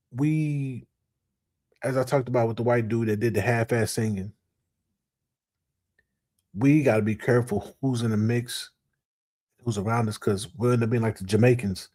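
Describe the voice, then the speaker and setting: A man hosting commentary in a mellow, warm voice. He talks slangy and animated, straight to the audience. His voice sits at an ordinary pitch for a man. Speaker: host. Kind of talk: reaction commentary.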